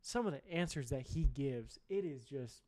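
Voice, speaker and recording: A man's voice: medium pitch, lively intonation, normal speed, mellow, no echo. A man hosting a sports show, giving blunt, profane opinions in a rambling solo rant. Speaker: sports podcast host.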